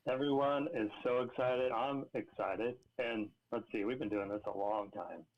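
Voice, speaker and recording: A man joining a casual livestream chat as a guest, relaxed and easygoing. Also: medium pitch, moderate pace. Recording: dull lo-fi remote audio.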